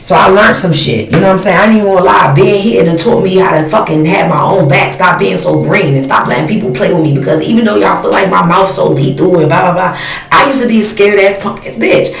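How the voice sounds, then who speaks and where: A woman's voice: lowish voice, fast, gravelly, distant mic, faint music behind. A woman talking bluntly and heatedly in a profane, unscripted livestream rant to her viewers. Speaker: spiritual YouTuber. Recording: roomy sound from off-mic.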